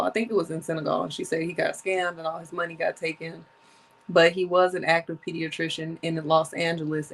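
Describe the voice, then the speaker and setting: A woman's voice: deep voice, vocal fry, poor audio. A woman in her thirties hosting a solo podcast, chatting casually and reading from her notes, with a runny nose from allergies. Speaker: podcast host.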